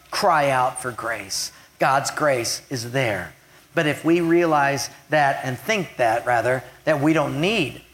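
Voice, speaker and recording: A man preaching a sermon, retelling a scripture story and swinging between loud emphasis and hushed lines. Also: medium pitch. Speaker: pastor.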